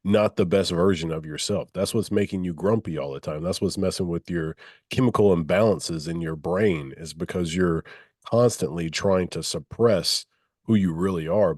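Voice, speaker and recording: Deep-voiced man hosting a podcast. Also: a little mellow, no echo, studio quality. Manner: reflective, loose phrasing with fillers. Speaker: podcast host. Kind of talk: conversational interview.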